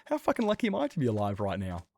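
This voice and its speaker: A young man streaming a game chats casually and tells rambling stories full of swearing. His fairly low voice is warm with vocal fry, swings hugely in pitch, and comes out rapid-fire. The recording is dry.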